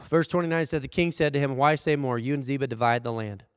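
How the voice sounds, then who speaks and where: Man, pastor, preaching, animated, acts out voices, dry mic, long church reverb. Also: medium pitch, fast, clean tone. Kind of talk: sermon. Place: church hall.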